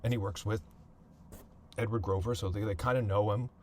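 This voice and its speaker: A man hosting a podcast, telling a personal family story in a halting way, often repeating words and thinking aloud. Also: lowish voice, fairly even intonation, slight background noise. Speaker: podcast host.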